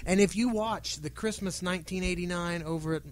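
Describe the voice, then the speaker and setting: A man's voice: sits high, fairly quick. A man on a podcast recalling what made him cry, earnest and self-mocking. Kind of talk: casual chat.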